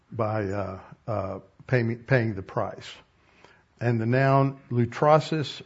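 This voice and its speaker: Husky man teaching a Bible lesson. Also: mid-range voice, darkish tone, highs cut off. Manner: explanatory, pauses and restarts words.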